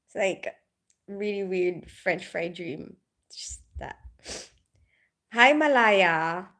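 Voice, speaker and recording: A woman's voice: medium pitch, expressive, takes it slowly, fairly bright tone. A middle-aged woman, a nurse, chatting casually on a livestream, giggling often and greeting viewers by name; she has just woken up after night shifts. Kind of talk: casual live-stream chat.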